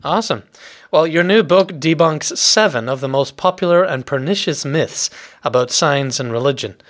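A man hosting an interview podcast, reading a prepared introduction and measured questions. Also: on the high side, animated, fairly bright tone. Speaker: podcast host.

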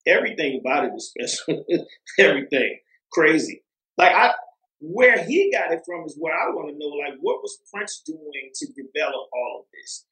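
A man's voice: a little high, big pitch swings, normal speed, bright, forceful tone. Rambling man in an echoey room. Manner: rambling, many fillers and restarts. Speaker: music producer guest. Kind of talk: casual interview talk.

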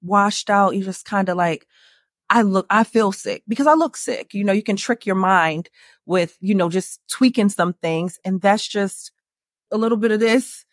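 A woman guest on a podcast, telling her story in candid conversation and acting out quoted lines in a higher voice. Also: moderate pace, dry recording, clean studio sound. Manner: animated, acts out quoted dialogue in a higher voice.

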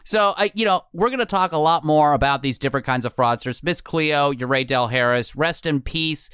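A male podcast host talking casually, earnest and chatty, with a fairly high, smooth, clear voice. The sound is dry and close, with no room around it. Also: normal speed, a bit bright, no room sound. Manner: earnest, chatty, laughs often.

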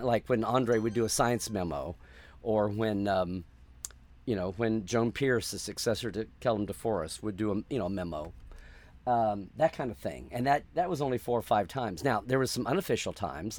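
A man answering interview questions in a casual, animated way, acting out the voices of people he quotes. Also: lowish voice. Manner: animated storyteller, acts out quoted reactions. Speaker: interview guest.

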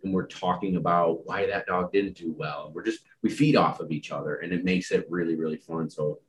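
Low-voiced male podcast host, loose and rambling, self-deprecating humor. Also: fairly quick. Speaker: podcast host and dog trainer. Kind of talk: casual podcast chat.

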